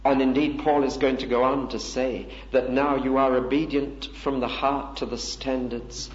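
A man's voice: medium pitch, level tone, moderate pace, a little hiss or hum. A man delivering a sermon, earnest and emphatic. He asks the listeners rhetorical questions. The recording is dull and lo-fi, with a roomy echo. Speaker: preacher.

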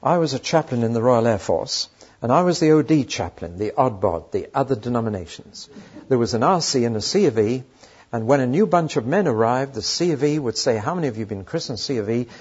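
Telling stories and firing off emphatic rhetorical questions, an older preacher speaks fairly quickly in a mid-range voice with lively intonation, a slightly mellow quality and a breathy edge. The sermon recording is dull and lo-fi.

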